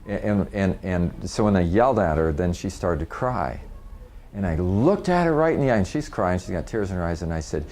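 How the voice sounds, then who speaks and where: A man's voice: low-pitched, animated, a little fast, darkish tone. A middle-aged man speaking live to an audience at a workshop. He talks in a conversational way, laughs often and restarts his sentences.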